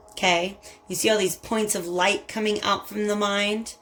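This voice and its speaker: Speaking at a moderate pace with few pauses, a Southern US-accented woman does a casual spiritual tarot reading in a steady, mid-range, slightly bright voice. She addresses her viewers directly as "you guys," chatty and effusive throughout.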